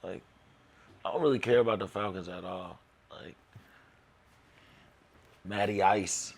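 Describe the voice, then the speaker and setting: A man's voice: low-pitched, a little slow, creaky, slightly rough. A man co-hosting a casual sports podcast, laid-back and joking as he talks with friends. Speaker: podcast co-host.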